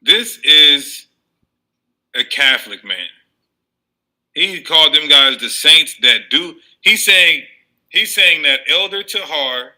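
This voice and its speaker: Male video commentator, loose animated delivery, very bright timbre. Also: on the high side, takes it slowly, long pauses, poor audio. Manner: laughing, stumbling, loose and animated. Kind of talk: casual commentary.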